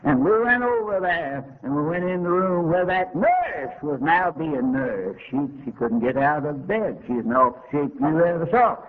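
A man preaching a sermon, telling a homespun story dramatically and climbing to emotional high points. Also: animated, a little slow, hardly any pauses. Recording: tinny lo-fi narrow-band recording.

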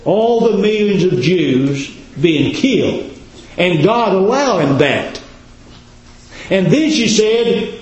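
A man preaching a sermon as a pastor, repeating his points and dropping to a low, hushed voice for emphasis. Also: lively intonation, takes it slowly. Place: church. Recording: echoey, dull church recording.

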